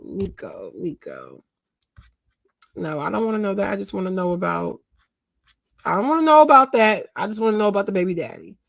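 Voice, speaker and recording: A mid-range female voice with no room sound, close and dry, belongs to a young Philadelphia woman in her twenties hosting a casual gossip stream. Chatty and talking to her chat, she tends to trail off and search out loud.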